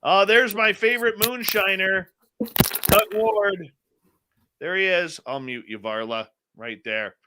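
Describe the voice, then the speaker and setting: A man's voice: high-pitched, slow pace, sharp tone. A man hosting a live radio show, chatting casually, enthusiastically greeting listeners from the chat. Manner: enthusiastic, reads chat names aloud, playful.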